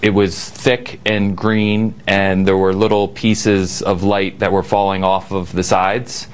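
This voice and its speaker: Low slow-talking male eyewitness. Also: flat delivery, clean tone. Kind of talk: news interview clip.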